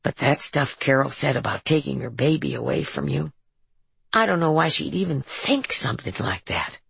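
An earnest, troubled teenage boy, as a woman reads him aloud in an audiobook, speaking in a halting, confessional way. The voice is low, gravelly and husky. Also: very animated, no echo, full character voice.

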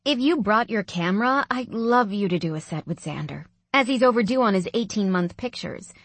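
A woman doing a chatty young mother in a storybook reading, upbeat and practical. The sound is dry, at a middle pitch. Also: animated, brisk, dry recording.

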